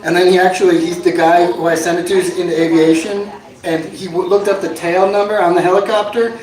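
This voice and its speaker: High-voiced stand-up man in a bar. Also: a little fast. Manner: jokey deadpan one-liners, bursts into shouted bits. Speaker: stand-up comedian. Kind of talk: stand-up comedy set. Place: inn bar with live audience. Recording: echoey bar room from far off.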